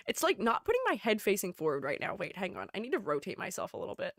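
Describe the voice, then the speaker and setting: A woman's voice: medium pitch, wildly swooping pitch, fast, fairly bright tone, dry recording, clean studio sound. A woman VTuber streaming, chatting casually and playfully, often giggling and talking to herself. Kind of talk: casual livestream chat.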